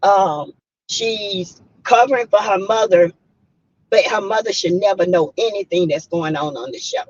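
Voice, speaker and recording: A middle-aged woman from South Carolina, US, chats casually on her reality-TV review livestream, welcoming viewers by name and giving candid takes. Her mid-range voice is a little mellow at a normal speed, recorded without echo but with the highs cut off.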